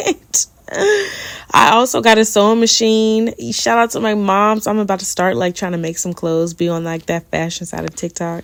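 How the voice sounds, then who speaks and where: A young woman hosts her own podcast, rambling in a casual, chatty way full of playful slang and easy laughter. Her voice sits a little low for a woman. The sound is dry and close, with no room echo. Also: steady tone, normal speed. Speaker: podcast host. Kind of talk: casual solo podcast chat.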